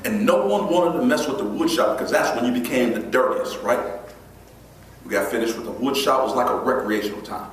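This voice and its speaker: A man giving a motivational keynote, telling a personal story in an animated way and acting out the voices in it. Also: mid-range voice, a little fast. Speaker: motivational speaker. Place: large event hall. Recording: echoey hall from far off, faint noise.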